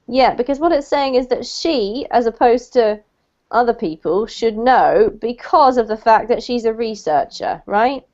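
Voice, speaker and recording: A woman's voice: a little high, unhurried, a little mellow. A woman teacher giving patient, encouraging pronunciation feedback to a student in an online English lesson. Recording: dull lo-fi call audio.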